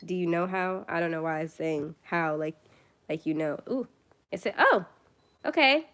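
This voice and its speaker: A woman's voice: lowish voice, normal speed, a bit bright. A young woman chatting casually on her first phone livestream, tired late at night, rambling and self-deprecating.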